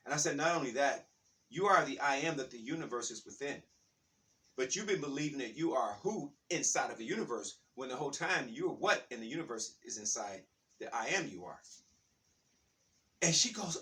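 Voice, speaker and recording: Bright-voiced man telling a story from a distance. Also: on the high side, brisk. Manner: rambling, animated storytelling with many restarts. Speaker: spiritual talk host. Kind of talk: casual storytelling monologue.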